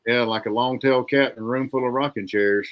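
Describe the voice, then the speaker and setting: A man's voice: mid-range voice, steady tone, a little fast, highs cut off. Folksy man laughing through podcast chat. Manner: folksy, laughs often, uses colorful country sayings. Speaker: podcast host.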